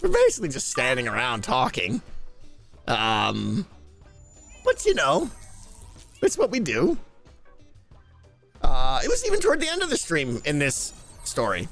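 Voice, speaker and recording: A man's voice: fairly high pitch, wildly swooping pitch, unhurried, gravelly, pauses often, a bit bright, faint music behind. A man streaming live, rambling and laughing as he thanks viewers in a flustered, casual chat.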